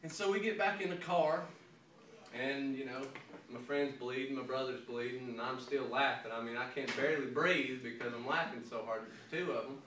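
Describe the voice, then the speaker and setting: A man's voice: medium pitch, moderate pace. A man being interviewed, telling a comic anecdote in a casual way and laughing through it. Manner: animated, laughing anecdote teller. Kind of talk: casual storytelling. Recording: echoey room, mic at a distance, faint noise.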